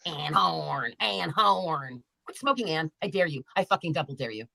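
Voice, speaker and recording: A woman's voice: low-pitched, expressive, moderate pace, creaky, pushed and bright, no echo. A woman on a livestream, angrily ranting and taunting viewers by name with heavy profanity. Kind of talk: angry livestream rant.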